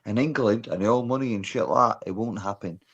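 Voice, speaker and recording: A man's voice: fairly low pitch, fairly quick, a bit bright, slightly rough, no echo, muffled recording. A man with a put-on Scottish accent in a heated voice chat argument, brash and rambling and swearing constantly. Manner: brash, swearing, rambling, says mate and lad. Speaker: guest in a voice chat.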